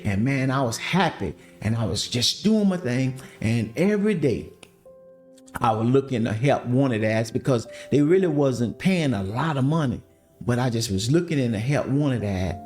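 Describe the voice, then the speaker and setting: Man, podcast testimony, lively storyteller, faint music bed. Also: medium pitch, moderate pace. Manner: animated, addresses listeners as family. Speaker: podcast host telling his story.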